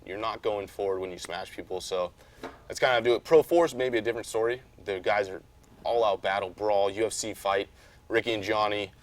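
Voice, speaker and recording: A man talking casually as a guest about racing, easygoing and rambling, getting animated when he retells a story. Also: on the low side, a little fast. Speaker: off-road truck racer, guest. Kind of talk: casual chat.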